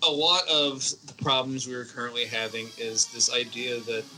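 A man's voice: mid-range voice, fairly even intonation, moderate pace, sharp tone, faint music behind, low-quality recording. A man talking casually about films in a blunt, profane, ranting way. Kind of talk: casual film discussion.

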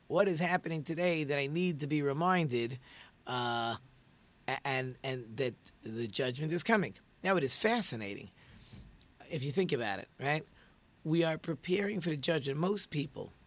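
Earnest middle-aged man teaching faith. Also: fairly high pitch. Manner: earnest, repeats words and phrases for emphasis. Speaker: prayer leader and religious teacher. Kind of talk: informal religious teaching talk.

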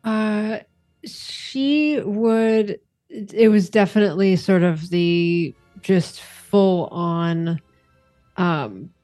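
Lady player, slow hesitant talk, soft mellow tone. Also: mid-range voice, soft background music. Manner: hesitant, many fillers. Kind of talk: casual tabletop play.

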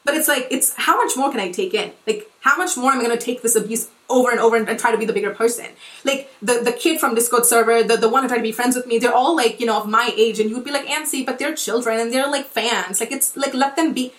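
Young woman podcaster, rapid heated rant, highish voice, echoey room. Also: fairly bright tone, distant mic. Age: 20s. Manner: fast, profane, emphatic, many likes and restarts. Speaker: podcast host and influencer. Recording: roomy echo.

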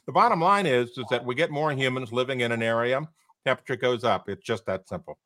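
A man's voice: medium pitch, fast talker, bright, forceful tone, dry recording, studio quality. A man speaking as a panelist, emphatic and enthusiastic. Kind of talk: panel discussion commentary.

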